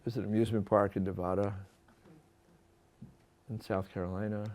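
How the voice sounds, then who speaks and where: A man, a photographer, telling stories from his career to an audience in a lively, self-deprecating way with many restarts. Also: lowish voice, moderate pace. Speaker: photographer giving a talk. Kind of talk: storytelling lecture. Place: lecture hall at an art school.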